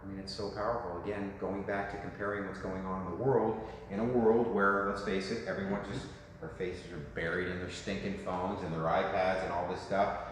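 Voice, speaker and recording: A man in his fifties with a fairly low voice gives a talk to a room of agents, joking and asking "right?" again and again. He is recorded in a very echoey hall with a long reverb tail. Faint noise sits under the voice. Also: a little fast. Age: 50s. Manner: lively, joking, talks to the room with many "right?"s. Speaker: real estate coach.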